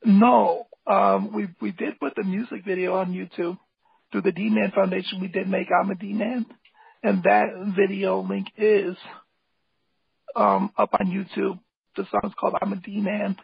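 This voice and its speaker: High gravelly man, rambling and eager. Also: little pitch movement, measured pace, no echo. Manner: rambling, filler-heavy, enthusiastic. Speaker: guest, hip hop artist and graphic designer. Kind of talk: casual interview talk. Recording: dull lo-fi call audio, dry.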